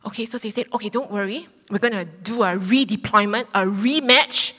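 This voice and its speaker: Bright-voiced woman preaching in a hall. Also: mid-range voice, a little fast, husky. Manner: animated storytelling, acts out quotes. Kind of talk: sermon testimony. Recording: long hall reverb.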